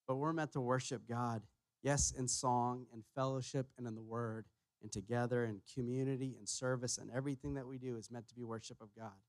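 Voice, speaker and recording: A man's voice: mid-range voice, fairly even intonation, brisk, no room sound. Emphatic male pastor preaching. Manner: emphatic, repeats key phrases, rises in volume on points. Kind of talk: sermon. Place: church sanctuary.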